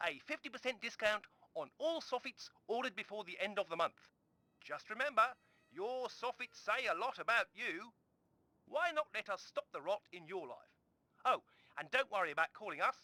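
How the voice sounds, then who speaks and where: A man voicing a pushy male soffit salesman leaving a phone message, with a put-on French accent and a theatrical sales pitch. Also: lively intonation, normal speed, sharp tone, no room sound, exaggerated voice. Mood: salesy.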